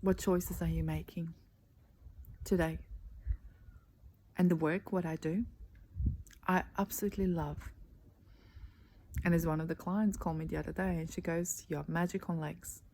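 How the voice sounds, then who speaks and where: Dark-voiced woman coaching softly. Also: fairly low pitch, fairly even intonation, poor audio. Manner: earnest, slow and emphatic, often dropping to a breathy near-whisper. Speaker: life coach. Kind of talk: motivational talk. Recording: faint background noise.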